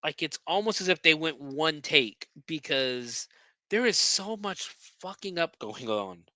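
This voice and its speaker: A man's voice: on the high side, animated, measured pace, sharp tone, no echo. A man hosting a podcast, recapping a movie scene by scene in a casual, profane, sarcastic way, often stumbling over his words.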